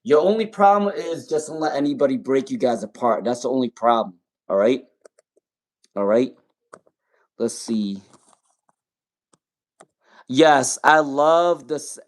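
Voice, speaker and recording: A man's voice: mid-range voice, a little slow, pauses often, a little mellow. A young man hosting a live-stream tarot reading, talking casually with viewers, often repeating himself and breaking into laughter.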